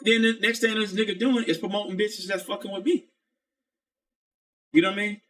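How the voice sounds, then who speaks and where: A man's voice: high voice, fairly even intonation, a little fast, fairly bright tone. A man ranting casually on his stream in a rambling, profane way, repeatedly saying "you know what I'm saying.". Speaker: live streamer.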